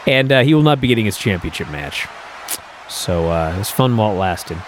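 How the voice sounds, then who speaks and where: Male host, casual recap, bouncy intonation, soft background noise. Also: fairly low pitch, a little fast. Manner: animated, incredulous storytelling with many fillers. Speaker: podcast host.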